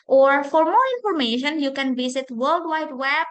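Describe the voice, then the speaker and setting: A woman English lecturer with an Indonesian accent, teaching presentation phrases in an online lesson, deliberate and repeating each example. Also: high-pitched, a bit bright.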